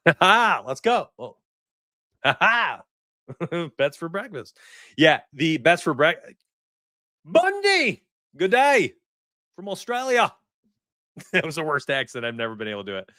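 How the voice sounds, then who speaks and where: A man in his forties hosting a sports betting livestream, chatting casually and excitably with viewers and laughing often. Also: on the high side, moderate pace, pauses often, no room sound, studio quality. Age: 40s.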